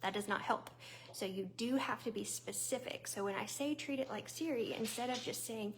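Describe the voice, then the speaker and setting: A chatty woman with a Southern US accent, her voice sitting a little high. She talks straight to her viewers in a loose, conversational way, full of fillers and small laughs, over a faint hum in the background. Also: normal speed. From Southern United States. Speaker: vlogger and small business owner. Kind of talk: casual talk to camera.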